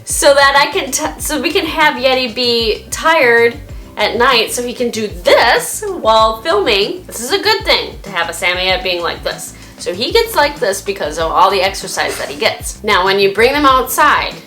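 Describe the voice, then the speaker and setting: Bright, chatty woman vlogger. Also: on the high side, moderate pace, faint music behind. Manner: chatty, animated, laughs often. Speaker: vlogger and dog owner. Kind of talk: casual storytelling to camera.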